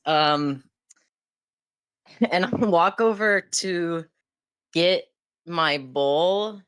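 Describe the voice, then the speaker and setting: Woman, tabletop player, wry, playful, lowish voice. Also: very slow, pauses often, clean tone. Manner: wry, laughs often. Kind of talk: playing a tabletop game.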